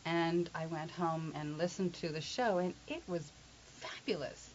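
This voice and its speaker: A woman working as an accent coach and actress, telling stories in an animated, chatty way. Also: on the low side, unhurried. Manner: chatty, animated storytelling with laughs. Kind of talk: casual conversation. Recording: lo-fi with faint hiss.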